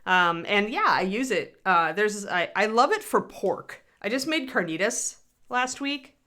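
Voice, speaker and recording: A middle-aged woman talks loosely on a livestream, drifting from topic to topic and reading out chat messages as she goes. Her voice sounds bright and a little sharp, at an ordinary middle pitch. The delivery stays casual and chatty. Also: expressive, measured pace. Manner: chatty, rambling, answers chat. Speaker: livestream host painting miniatures.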